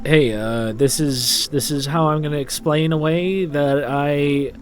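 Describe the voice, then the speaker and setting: A man hosting a gaming channel, rambling and jokey, often stopping mid-sentence to restart his thought. His voice sits a bit high for a man, with faint music playing underneath. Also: steady tone, a little slow. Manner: rambling, jokey, self-interrupting. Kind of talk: casual game commentary.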